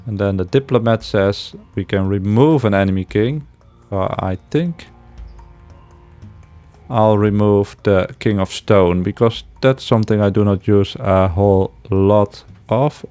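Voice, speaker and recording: A man's voice: lowish voice, unhurried, mellow, clean tone, faint music behind. A man giving casual let's-play commentary, thinking aloud with hesitations and frequent chuckles. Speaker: game streamer.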